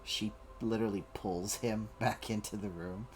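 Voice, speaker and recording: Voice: medium pitch, steady tone, normal speed, husky, soft background music, low-quality recording. A tabletop player narrating their character's actions in the third person. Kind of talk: tabletop role-play narration.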